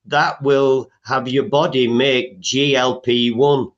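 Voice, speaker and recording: A man's voice: medium pitch, fairly even intonation, slow, lo-fi sound. A man speaking as a health coach guest in a podcast interview, emphatic, listing things off, with frequent "uh" fillers.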